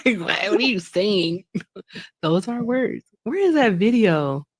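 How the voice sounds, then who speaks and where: A woman's voice: mid-range voice, lively intonation, slow, dry recording. A woman hosting a casual late-night group chat, laughing often and sounding sleepy and playful. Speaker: host.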